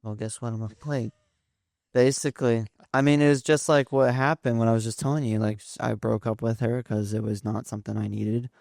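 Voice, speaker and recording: A young man in his late teens, the host's son, guests on a podcast and tells rambling stories full of fillers and restarts in a casual chat. His mid-range voice is gravelly and darkish, steady in tone and fairly quick. The recording is clean studio sound with no room noise.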